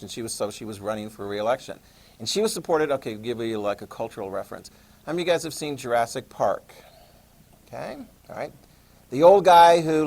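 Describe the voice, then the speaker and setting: An American man lecturing a class, telling a personal anecdote in a chatty, animated way and addressing the students directly. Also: medium pitch. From United States. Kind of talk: classroom storytelling.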